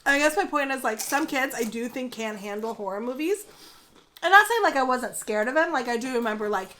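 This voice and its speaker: A woman co-hosting a casual chat on a vlog, talking in an animated way with lots of filler words. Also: high voice, a little fast. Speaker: co-host.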